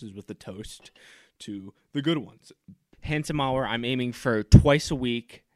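A man hosting a comedy podcast, delivering a loud, fired-up, mock-pompous rant. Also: mid-range voice, dry recording, studio quality. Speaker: podcast host. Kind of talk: comic ranting monologue.

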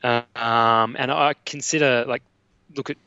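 Bright, hesitant Australian man. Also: mid-range voice, fairly even intonation, measured pace, no echo, highs cut off. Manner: hesitant, many fillers and restarts. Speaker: guest. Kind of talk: casual film discussion.

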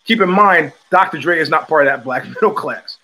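A man hosting his own show, talking in a casual, animated monologue full of emphatic restarts. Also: on the high side, brisk, rough recording. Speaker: host.

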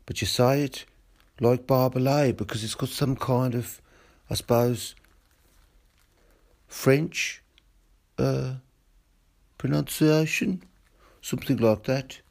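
A man with a mid-range voice leaves a relaxed voice message. He explains slowly and without hurry, in an easygoing tone. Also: medium pitch, creaky. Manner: easygoing, explaining at a leisurely pace. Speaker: caller leaving a voice message. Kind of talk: casual voice message.

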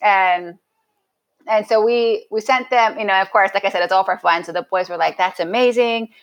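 Animated woman telling a story. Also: medium pitch, normal speed, poor audio. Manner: animated, lots of restarts and acted-out quotes. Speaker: podcast guest. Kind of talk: casual storytelling.

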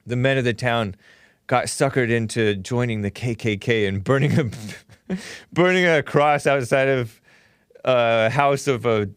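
A man's voice: mid-range voice, unhurried, smooth, no room sound, studio quality. A man hosting a call-in talk show, chatting casually, laughing often and reading viewer messages aloud. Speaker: host.

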